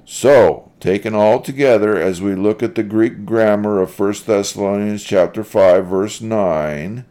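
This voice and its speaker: A Bible teacher with a mellow, fairly low voice gives a methodical Bible study lecture. He reads verses aloud and explains them deliberately, point by point.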